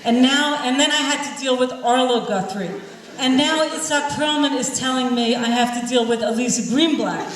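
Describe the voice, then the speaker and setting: A woman's voice: high voice, moderate pace. Woman telling a story in a hall. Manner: animated, laughing, acts out other people's voices. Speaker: panel storyteller. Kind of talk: anecdote told on stage. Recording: echoey hall, distant mic, faint noise.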